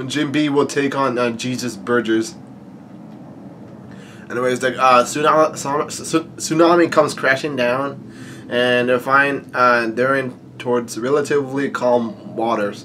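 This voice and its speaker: A man's voice: medium pitch, fairly bright tone, slight background noise. A man hosting a manga read-along, reading lines aloud and rambling through his commentary with many fillers and restarts. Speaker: manga reading channel host.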